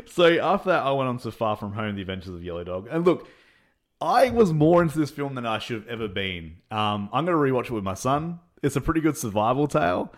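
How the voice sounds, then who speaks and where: A man's voice: mid-range voice, very animated. A man co-hosting a casual film-review chat, rambling with many halts and frequent laughs. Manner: rambling, halting, laughs a lot. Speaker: podcast co-host reviewing films.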